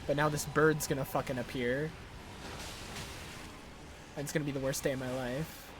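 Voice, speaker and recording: A young man streaming a game live, frustrated and swearing in loud rants. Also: medium pitch, fairly even intonation, moderate pace, noisy background. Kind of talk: live gameplay commentary.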